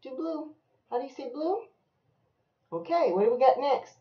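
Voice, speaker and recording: A woman reading a picture book aloud to a young child, slow and sing-song, with coaxing questions. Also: on the high side, very animated, roomy sound. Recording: dull lo-fi home recording.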